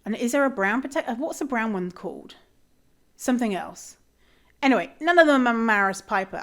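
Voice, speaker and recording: A British woman hosting a podcast, talking in a casual, animated rant with swearing and mock outrage. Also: on the high side, brisk. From Britain. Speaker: podcast host. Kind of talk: casual ranting monologue.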